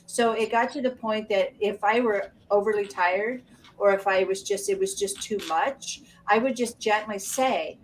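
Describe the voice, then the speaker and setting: A woman's voice: medium pitch, moderate pace, recorded from a distance, poor audio. A frank woman tells a story with animation on a casual live chat, swearing loosely as she goes. Her voice sits in a middle range, with faint background noise in the recording.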